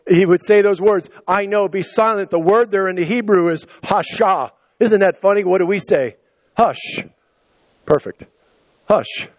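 High-voiced preacher man, out of breath. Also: normal speed, hardly any pauses, no room sound, lo-fi sound. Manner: impassioned preaching, acting out quotes with rising pitch, stammering restarts. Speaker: pastor. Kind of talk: sermon.

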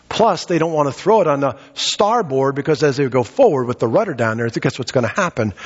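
Husky male preacher in a reverberant hall. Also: fairly high pitch. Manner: storytelling with rhetorical questions to the congregation. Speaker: pastor. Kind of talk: sermon. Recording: reverberant hall, dull muffled sound.

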